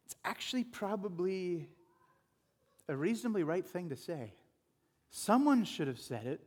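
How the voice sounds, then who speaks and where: A man's voice: sits high, big pitch swings, a little slow, darkish tone, husky, big-room sound. A male pastor giving an informal, chatty sermon with conversational asides.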